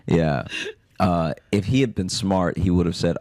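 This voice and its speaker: A man with a very low, deep voice reads a listener's story aloud on a comedy podcast. His delivery is dry and wry, and the sound is close and dry, with no room around it. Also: moderate pace, warm tone, no echo.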